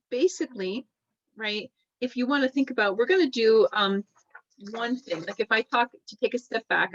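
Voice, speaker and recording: A woman's voice: a little high, dry recording. A woman teaching a class, explaining step by step as she draws and often checking in with "right?". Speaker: lecturer. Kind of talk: classroom lecture. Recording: dull, dry lo-fi classroom recording.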